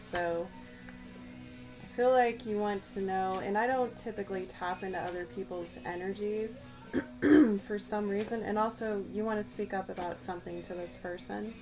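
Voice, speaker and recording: A woman giving a channeled tarot reading, musing aloud and speaking straight to the listener, her voice a little worn. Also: mid-range voice. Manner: musing, addresses the listener directly. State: slightly losing her voice. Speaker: tarot reader. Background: background music.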